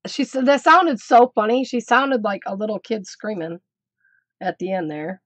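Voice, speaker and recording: A woman's voice: medium pitch, normal speed, slightly rough, no echo. A middle-aged woman chatting on a casual craft live stream, teasing her dog and laughing often. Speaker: craft channel host.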